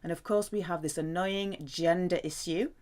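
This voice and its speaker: A woman from the UK teaching a French lesson, saying each word slowly and repeating it with careful emphasis. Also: lowish voice, fairly even intonation, a little mellow. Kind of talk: slow, deliberate language lesson.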